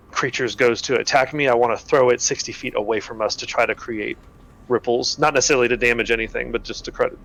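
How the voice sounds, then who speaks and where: Gravelly man rambling as a game player. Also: mid-range voice, a bit bright. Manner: rambling, full of fillers and restarts. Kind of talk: casual tabletop game talk.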